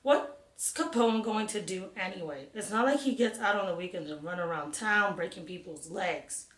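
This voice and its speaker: A woman's voice: medium pitch, moderate pace, fairly bright tone, close to an everyday voice. A woman reading the part of a blunt, skeptical girl who speaks matter-of-factly, in a storybook read-aloud. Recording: roomy echo.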